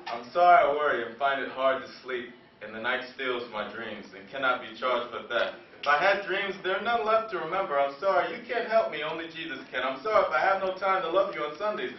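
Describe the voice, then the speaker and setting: A man's voice: a little high, a little hiss or hum. A man from New Jersey performing spoken word poetry in an earnest, confessional, rhythmic way. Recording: echoey room, far from mic, dull lo-fi sound.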